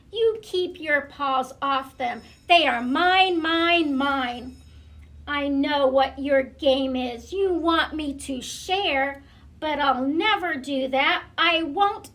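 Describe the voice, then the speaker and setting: A woman's voice: high voice, heavily acted. A woman voicing a greedy, selfish male pug dog who stubbornly refuses to share, in a storybook read-aloud. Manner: possessive, stubborn, shouting.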